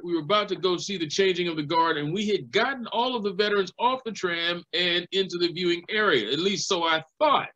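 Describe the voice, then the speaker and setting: A man's voice: high-pitched, bright, forceful tone, muffled recording. A man, a living historian and educator, giving a recorded history lecture and telling stories, acting out the voices of people he quotes.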